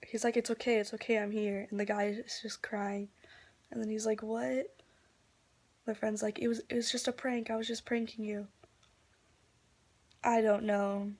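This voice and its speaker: A woman talks straight to her camera at a slow, unhurried pace, her pitch staying flat and even. She is subdued and disgusted as she retells events. At times her voice sinks to a soft half-whisper. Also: creaky. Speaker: vlogger. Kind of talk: reaction commentary.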